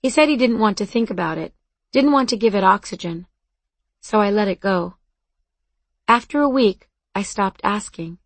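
A woman's voice: mid-range voice, expressive, normal speed, pauses often, no echo. A woman reading a first-person novel aloud in an earnest, conversational storytelling voice. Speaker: audiobook narrator. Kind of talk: first-person scripted narration.

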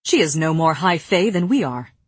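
A woman voicing a scornful, suspicious male warlord who speaks gruffly and bluntly. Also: deep voice, animated, moderate pace, no room sound.

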